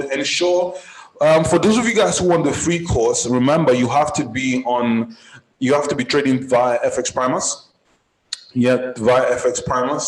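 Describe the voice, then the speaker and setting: A man from Nigeria coaching forex traders, chatting casually and giving upbeat shout-outs on a live group call. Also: mid-range voice. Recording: roomy echoey sound.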